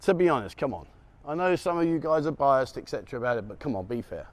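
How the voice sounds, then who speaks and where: Talking fast in a sing-song, medium-pitched voice, a middle-aged man vlogs as he walks outdoors down a city street at dawn. It's a handheld-camera walk-and-talk, and he keeps things chatty and joking, chuckling at what he says.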